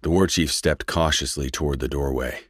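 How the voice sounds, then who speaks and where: A man narrating a western story in a steady, measured reading. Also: extremely low pitch, dry recording, studio quality. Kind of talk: scripted audiobook narration.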